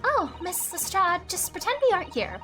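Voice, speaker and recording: A woman's voice: very high voice, big pitch swings, moderate pace, bright, forceful tone, faint music behind, voice pushed up, full character voice. A woman voicing a polite and eager young female assistant in a video game, speaking formally.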